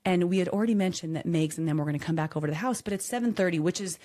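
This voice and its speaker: A woman in her thirties co-hosting a podcast, telling a story with animated acted-out voices. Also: lowish voice, very fast. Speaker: podcast co-host. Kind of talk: casual chat.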